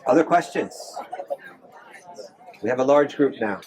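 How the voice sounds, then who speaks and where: A man's voice: medium pitch, animated, unhurried, a little mellow, a little hiss or hum, poor audio. Earnest man answering a temple audience. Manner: earnest, repeats phrases, frequent restarts. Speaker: monk answering audience questions. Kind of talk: live Q&A talk.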